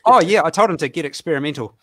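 A man with a New Zealand accent, a comic artist guest chatting casually over a video call, halting and self-deprecating, with many fillers. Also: on the high side, expressive, pushed and bright.

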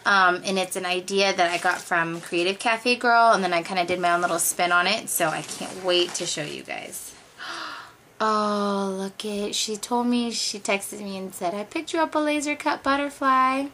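A young woman vlogger gushing quickly through a craft-supply unboxing, giddy and talkative after extra coffee. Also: medium pitch, pushed and bright, a little hiss or hum. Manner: gushing, fast, over-caffeinated. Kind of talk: excited unboxing chat.

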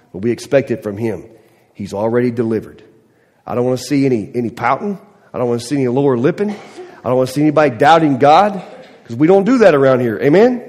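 Animated pastor man in a reverberant church. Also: a little high. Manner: animated storyteller, acting out voices; soft, quiet prayer at close. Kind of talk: sermon with storytelling. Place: church sanctuary.

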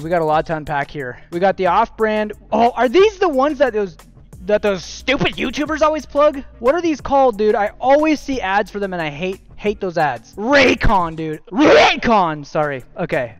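Young man, streamer, casual reaction commentary, jokey, animated, faint music behind. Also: sits high. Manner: jokey, animated, says "dude" and "bro" a lot. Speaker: streamer reacting to viewer setups.

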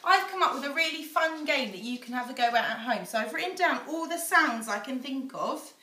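Bright, sing-song English teacher. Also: female voice, fairly high pitch. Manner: sing-song, drawn-out sounding out of letter sounds. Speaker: infant school teacher. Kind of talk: phonics lesson for young children. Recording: echoey room, voice a little far from the mic.

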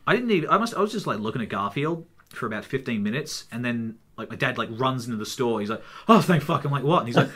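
A young Australian man co-hosting a podcast in casual chat, excitable and laughing often as he swears freely. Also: mid-range voice, fast talker, hardly any pauses.

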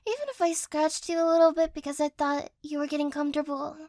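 A woman voicing a sleepy, apologetic cat-girl girlfriend in a whispered role-play, speaking softly and hesitantly close to the mic. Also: high voice, little pitch movement, quick pace, dry recording. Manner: soft, gentle, hesitant and apologetic. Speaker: ASMR role-play artist.

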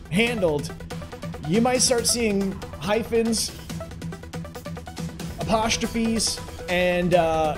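A high-pitched man hosts a live-streamed trivia game show, chatty and upbeat as he talks directly to the players in the chat.

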